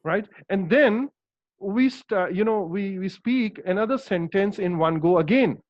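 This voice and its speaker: A man teaching an online exam-prep lesson, explaining slowly with lots of fillers and restarts. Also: sits high, highs cut off. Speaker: English teacher.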